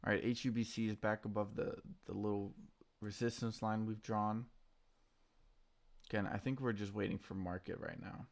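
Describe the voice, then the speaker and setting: A tired man talks through his trades in a hushed morning voice. His voice sits a little low with a gravelly rasp. He stays laid-back, answering chat as he goes. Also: fairly even intonation, normal speed. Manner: quiet, subdued morning voice; laid-back, reads chat names aloud. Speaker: stock trading streamer. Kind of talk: casual live-stream chat.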